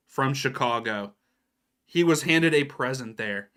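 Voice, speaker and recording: A man's voice: medium pitch, lively intonation, measured pace, a bit bright. A young adult man doing casual live match commentary for a watchalong stream, reacting to plays and answering viewers by name. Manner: casual, reacts to plays and reads out chat names.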